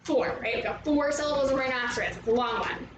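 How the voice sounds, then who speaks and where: A young woman teaching an online arts lesson to young children, speaking in an upbeat, slow and clear way and inviting the viewer to join in. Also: sits high, highs cut off. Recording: roomy, echoey, from a distance with background noise.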